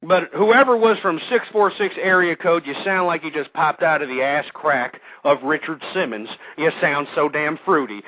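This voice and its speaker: A man's voice: a little high, moderate pace, hardly any pauses, dry recording. A man hosting a call-in radio show, ranting in a combative, crude and repetitive way. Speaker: radio talk show host. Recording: tinny phone-like dry audio.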